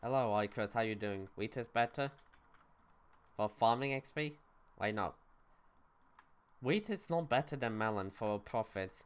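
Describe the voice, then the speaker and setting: A man's voice: fairly low pitch, unhurried, long pauses, clean tone. A young man livestreaming a video game, chatting loosely with his viewers, answering chat and cursing offhandedly. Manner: loose and offhand, reads chat aloud, swears casually. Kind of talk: casual gaming stream chatter.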